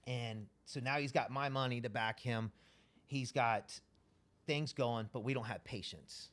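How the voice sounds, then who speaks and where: Profane, animated male storyteller. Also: mid-range voice, measured pace. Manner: profane, animated, acts out quoted dialogue. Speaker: podcast guest. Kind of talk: casual storytelling.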